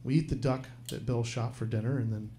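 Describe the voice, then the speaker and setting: A man's voice: mid-range voice, fairly even intonation, fairly quick, warm tone, slight background noise. A man telling a true personal story at a live storytelling show, earnest and reflective. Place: live venue stage.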